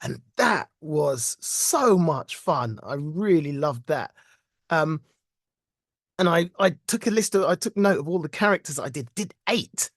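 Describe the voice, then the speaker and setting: Animated British voice actor, dry sound. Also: male voice, a little high, a little slow, no echo. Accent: British English. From Britain. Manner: animated, self-deprecating storytelling, frequent laughs. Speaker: voice actor guest. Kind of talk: casual interview chat.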